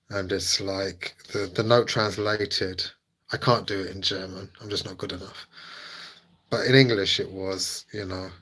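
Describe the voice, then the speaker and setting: A man's voice: on the low side, fairly even intonation, moderate pace, pushed and bright, husky, poor audio. A man chatting casually with his live-stream viewers, laughing often and teasing them.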